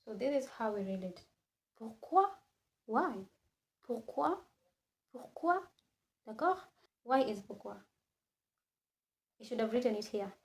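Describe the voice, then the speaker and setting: A woman teaching French in a classroom, slowly repeating each word again and again and switching between English and French. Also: mid-range voice, a little mellow. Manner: slow, repeats words many times, mixes English and French. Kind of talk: classroom lesson.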